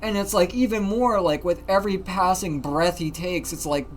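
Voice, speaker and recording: A livestreamer telling a story in casual, animated talk, swearing often and using plenty of fillers. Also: mid-range voice, normal speed, slight background noise. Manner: animated, profane, many fillers.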